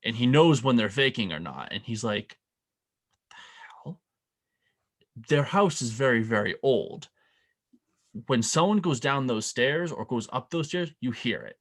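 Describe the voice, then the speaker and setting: A man co-hosting a casual podcast, telling a story and acting out the people in it with lively quoted voices. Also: medium pitch, measured pace, long pauses. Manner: animated, acts out quoted voices. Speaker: podcast co-host.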